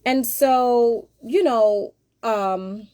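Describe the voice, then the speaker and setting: A woman's voice: on the high side, very slow, mellow. Emphatic woman venting to viewers. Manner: emphatic, rhetorical, talks straight to viewers. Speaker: host. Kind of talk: casual monologue.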